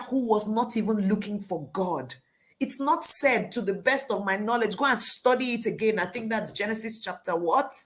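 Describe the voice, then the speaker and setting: A woman, a life coach giving earnest, motivational Bible teaching in a storytelling manner. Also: a little high. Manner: earnest, storytelling, addresses the audience directly. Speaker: life coach and session head.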